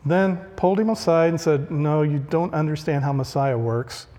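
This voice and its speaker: A man's voice: a little high, normal speed, mellow. A man preaching a conversational sermon, acting out the voices he quotes. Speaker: pastor. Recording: long reverb of a large hall.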